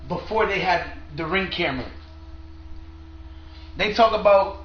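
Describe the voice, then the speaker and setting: A man's voice: sits high, a little slow. A man talking straight to viewers in a rambling monologue, agitated and profane, in long run-on stretches. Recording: echoey room, dull lo-fi sound.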